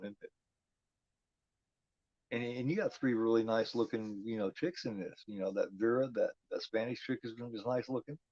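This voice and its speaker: A man's voice: mid-range voice, dry recording, muffled recording. A man giving casual, profane commentary while watching a movie, talking back at the screen.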